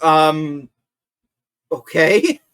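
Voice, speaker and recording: A man's voice: fairly high pitch, sing-song, drawn-out words, fairly bright tone, clear, resonant tone, dry recording, studio quality. A man running a tabletop game as game master, narrating with many fillers and laughs.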